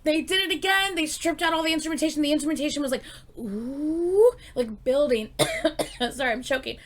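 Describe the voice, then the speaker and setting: A woman with a slightly high voice talks through her reaction to new music in loose, chatty commentary. She gushes and gets excited, with plenty of fillers and a few swear words. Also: rapid-fire. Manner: gushing, excitable, swears freely; chatty filler-heavy talk with many "like"s. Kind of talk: casual album reaction commentary.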